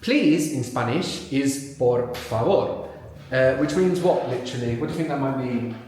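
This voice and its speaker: In a very echoey workshop room before a live audience, a male language teacher patiently quizzes learners and repeats their words back. His voice is medium-pitched, animated and somewhat dark, moving at a moderate pace.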